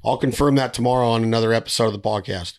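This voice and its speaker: A man hosting a podcast, rambling through a hunting story with quick restarts. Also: medium pitch, noisy background. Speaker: podcast host. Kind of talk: casual podcast chat.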